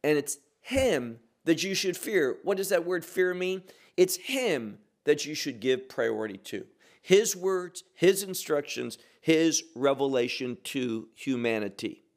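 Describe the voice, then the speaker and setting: Working verse by verse through a Bible passage, this middle-aged man speaks in an expressive, slightly high voice. His delivery is slow and deliberate, with sharp rises and drops that emphasize the key words.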